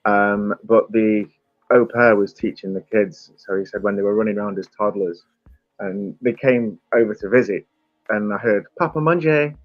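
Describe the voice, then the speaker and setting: A man's voice: fairly low pitch, flat delivery, moderate pace, no echo, muffled recording, soft background music. A man with a Staffordshire accent chatting casually as host, rambling and fond of accents. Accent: Staffordshire English. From England. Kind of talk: casual chat.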